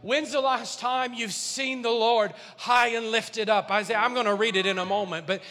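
An impassioned male pastor preaches with a very high, bright voice, repeating phrases and building to shouts. His voice carries a long reverb from a large church sanctuary. Soft music plays faintly underneath. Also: fairly even intonation, normal speed. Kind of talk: sermon.

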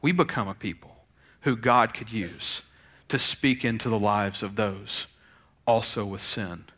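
Man, pastor, bright tone, lively conversational sermon. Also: on the low side, unhurried, breathy edge. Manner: animated, conversational preaching with acted-out asides.

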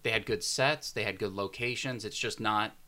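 A man's voice: fairly low pitch, moderate pace, pushed and bright. A man co-hosting a podcast in casual chat, easygoing and agreeable. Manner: easygoing, agreeable, brief backchannels. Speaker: podcast co-host.

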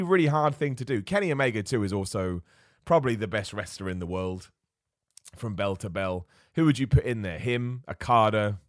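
Excitable man, dry close sound. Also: mid-range voice, no echo. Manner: enthusiastic, rambling, frequent restarts. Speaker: wrestling show host. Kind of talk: casual opinion commentary.

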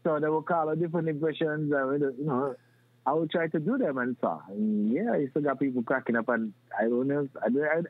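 A man telling stories from his youth in an animated way, often restarting his sentences. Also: a little high, brisk, dry recording. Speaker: guest. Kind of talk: casual storytelling. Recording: dry, tinny phone-like sound.

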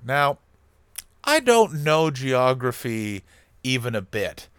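A man's voice: mid-range voice, sing-song, slow pace, pauses often, fairly bright tone, clean tone. A man from Canada doing a rambling, profane comic monologue as a podcast host.

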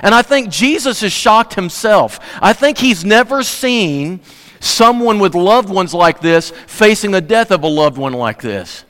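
A male pastor preaching a sermon in a church, swinging between loud emphatic peaks and hushed, quiet lows. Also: expressive, measured pace. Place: church sanctuary. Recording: long hall reverb.

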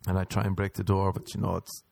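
A man's voice: low-pitched, level tone, fast, vocal fry, darkish tone, no room sound. A young man casually telling a rambling, profane anecdote, acting out the other people's lines as he goes. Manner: profane, rambling, acts out quoted voices. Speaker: storyteller.

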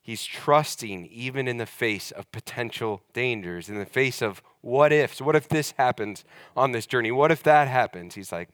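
A young adult man preaching a sermon to a church congregation, conversational and emphatic, slowing down to stress key words. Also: mid-range voice, expressive, fairly bright tone, no echo, studio quality. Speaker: pastor.

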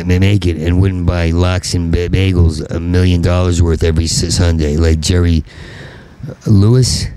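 A man in stand-up mode who stutters constantly and veers between bitterness and mockery. His voice is low, dark and gravelly, recorded close and dry with no room sound. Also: no echo, low-quality recording. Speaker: stand-up comedian. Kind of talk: stand-up monologue.

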